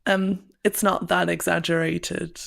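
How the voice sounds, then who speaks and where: A woman's voice: lowish voice, little pitch movement, measured pace, vocal fry, fairly bright tone. A woman from northern England co-hosting a casual podcast chat, chatty and laughing at herself, a bit tipsy. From northern England (Burnley). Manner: chatty, laughing, self-mocking. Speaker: podcast co-host.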